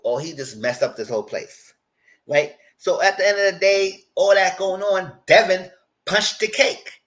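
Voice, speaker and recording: A man's voice: high-pitched, unhurried, rough recording. A man casually recapping and reviewing a reality TV episode, chatty and informal, acting out what people said. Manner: chatty, animated, retells scenes with quoted voices; informal, conversational phrasing.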